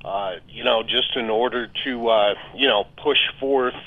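Man calling in, hesitant, lots of "uh", mid-pitched voice, phone-line sound. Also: fairly even intonation, a little slow. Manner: hesitant, many fillers like uh and you know. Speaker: financial adviser guest. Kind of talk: talk radio phone-in chat.

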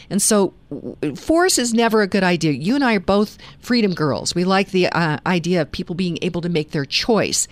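A woman hosts a conservative talk radio show, chatting conversationally with fillers and false starts. Her voice is fairly low, and there's no room sound.

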